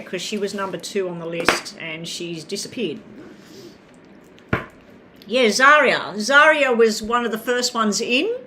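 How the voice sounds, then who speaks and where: A woman's voice: mid-range voice, pushed and bright, a little hiss or hum. A woman giving live tarot readings, talking in a chatty, rambling way and addressing viewers by name. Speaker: tarot reader.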